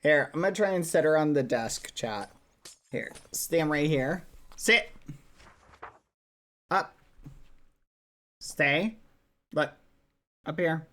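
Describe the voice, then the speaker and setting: A man's voice: fairly high pitch, expressive, slow pace, long pauses, fairly bright tone. A man streaming casually, chatting to viewers while coaxing his dog. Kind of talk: casual livestream chat.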